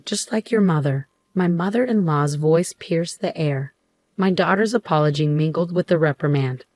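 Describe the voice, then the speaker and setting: A woman in her thirties narrating a first-person story in an even, scripted telling. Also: fairly low pitch, no echo. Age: 30s.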